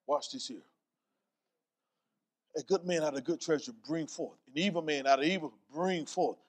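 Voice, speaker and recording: A man's voice: fairly high pitch, normal speed. A man preaching a sermon in church, quoting scripture and building emphasis through repeated phrases. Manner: preaching with rising, emphatic repetition and scripture quotes. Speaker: pastor.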